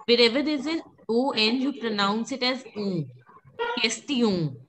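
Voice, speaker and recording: A woman's voice: fairly high pitch, normal speed, a bit bright. A woman teaching French pronunciation in an online class, patiently repeating words and calling on students by name. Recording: noisy background.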